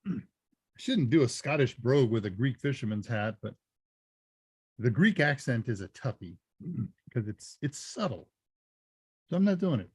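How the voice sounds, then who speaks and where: A man hosting a live Q&A stream, chatting casually and joking as he reads messages and thinks out loud. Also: mid-range voice, very animated, normal speed, pauses often, slightly rough, dry recording. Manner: chatty, jokey, thinks aloud. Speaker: live Q&A host.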